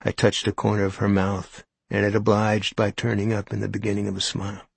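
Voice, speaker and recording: Low husky male audiobook narrator. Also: monotone, brisk, hardly any pauses, dry recording. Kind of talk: scripted first-person narration.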